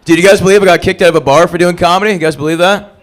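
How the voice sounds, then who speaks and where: A man's voice: sits high, steady tone, rapid-fire. A man hosting an open mic comedy night, working the crowd with crude, profane banter on a club stage.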